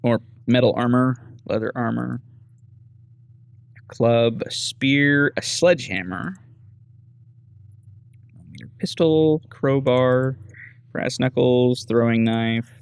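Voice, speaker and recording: A man's voice: mid-range voice, slow pace, gravelly, pauses often, clear, resonant tone. A man giving casual let's-play commentary, chatting through dialogue choices and reading menu items aloud. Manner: casual, reads menu text aloud, muttering asides. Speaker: gameplay host.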